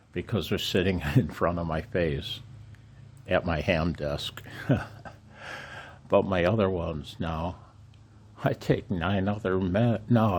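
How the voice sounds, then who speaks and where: An older man talks slowly in a very deep, low voice. He is candid and emotional, halting often and laughing ruefully as he speaks to his viewers. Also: slightly rough. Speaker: amateur radio vlogger. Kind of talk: candid personal vlog.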